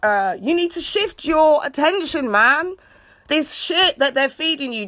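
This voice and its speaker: Bright-voiced woman ranting on a livestream. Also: mid-range voice, dry recording. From England. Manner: loud shout-outs to viewers, swearing freely. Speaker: livestreaming vlogger. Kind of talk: casual livestream rant. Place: outdoors in a city.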